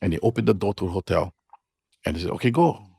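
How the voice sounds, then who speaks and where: A man's voice: low voice, expressive, quick pace, creaky, warm tone, slightly rough, dry recording. A middle-aged man with a Hawaiian accent, a hula teacher telling stories in casual, frank, blunt talk. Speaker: podcast guest, hula teacher. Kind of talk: casual storytelling.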